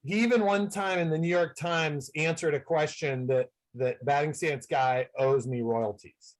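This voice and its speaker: A man's voice: fairly high pitch, moderate pace, poor audio. Rambling upbeat man on a video call. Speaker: guest entertainer. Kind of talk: casual chat on a video call.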